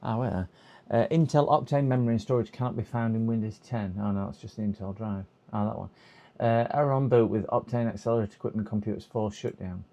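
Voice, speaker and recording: Low-voiced man thinking aloud. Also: fairly even intonation, fast talker, few pauses, warm tone, muffled recording. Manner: thinking aloud, hesitant, reading instructions half to himself. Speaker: repair streamer. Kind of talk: casual live-stream chat. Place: repair workbench.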